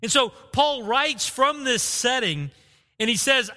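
Male pastor, high and very bright voice, rhetorical sermon style, reverberant church hall. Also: lively intonation, takes it slowly. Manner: repeats key phrases, rhetorical questions.

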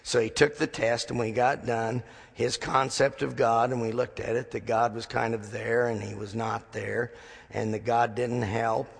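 A man's voice: mid-range voice, flat delivery, unhurried, vocal fry, breathy edge, big-room sound. A man preaching a sermon as a pastor, telling stories with dry humor and acting out the dialogue.

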